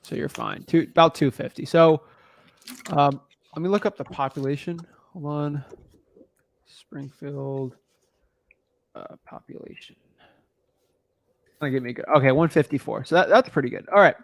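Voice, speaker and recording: A man's voice: a little high, normal speed, gravelly, pauses often. A man coaching a newcomer on real estate wholesaling in a casual, blunt, slangy way.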